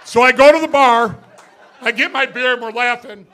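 A man's voice: very high-pitched, normal speed, sharp tone, a faint crowd, slight background noise. A male stand-up comedian telling a profane story on stage in a comedy club, laughing through his punchlines. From Binghamton, New York.

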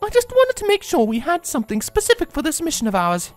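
A man's voice: extremely high pitch, huge pitch swings, quick pace, soft background music, voice pushed up, full character voice. A man voicing a refined, fussy unicorn mare who speaks in a prim, theatrical manner.

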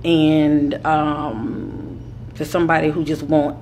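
A woman's voice: sits low, takes it slowly, darkish tone, slight background noise. A woman giving a spiritual advice monologue, speaking with a repetitive, preacher-like cadence and calling her listeners kings and queens. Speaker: spiritual teacher.

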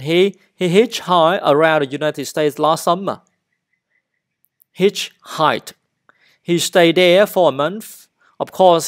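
A teacher whose first language is Vietnamese, speaking English with a Vietnamese accent. They read a textbook passage and then drill vocabulary, repeating each word and stressing its syllables. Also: mid-range voice. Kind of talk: slow vocabulary lesson with repetition drills.

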